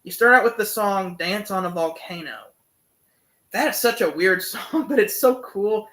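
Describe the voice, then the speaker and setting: Humming and singing along as he goes, a young music reviewer chats excitedly about an album, with plenty of fillers. He speaks at a moderate pace in an animated, fairly bright, high-sitting voice.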